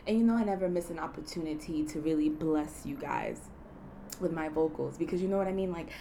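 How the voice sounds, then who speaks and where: A woman's voice: low-pitched, very animated, brisk, gravelly, warm tone, a little hiss or hum. A young woman from Kenya hosting her own podcast in a casual, chatty way, laughing often and leaning on fillers like "you know.". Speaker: podcast host. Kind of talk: casual solo podcast chat.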